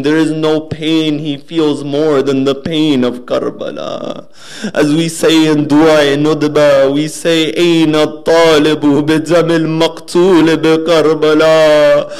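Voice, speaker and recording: Brief: earnest male preacher, slightly high voice, storytelling sermon that sinks soft and low at solemn moments. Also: rough recording. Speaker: speaker at a religious gathering.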